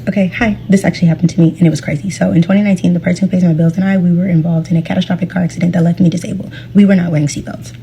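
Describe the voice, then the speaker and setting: A woman's voice: fairly low pitch, steady tone, very fast, gravelly, hardly any pauses, warm tone, soft background music. A woman casually telling her own accident story in a chatty way, full of fillers and quoted speech. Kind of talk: casual first-person storytelling.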